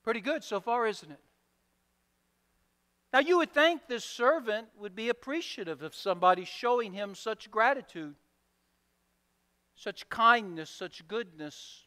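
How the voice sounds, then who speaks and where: A man's voice: high voice, expressive, a little slow, long pauses, pushed and bright, smooth. A male pastor preaching a sermon, retelling a parable vividly and emphatically in a church sanctuary. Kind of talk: sermon storytelling. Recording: long church hall reverb.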